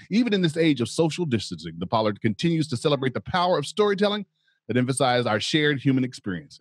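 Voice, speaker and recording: A man's voice: a little high, breathy edge, no room sound. A man from Oklahoma hosting a tabletop game podcast as dungeon master, chatty and upbeat, laughing often. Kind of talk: podcast intro and announcements.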